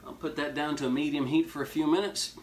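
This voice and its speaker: Male cooking-show host, slightly high voice, casual jokey patter, loud frying behind. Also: fairly even intonation, fast, a little hiss or hum. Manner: folksy, jokey, hip slang. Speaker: horror movie host doing a cooking segment. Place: home kitchen at the stove. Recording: loud sizzling and frying in the background.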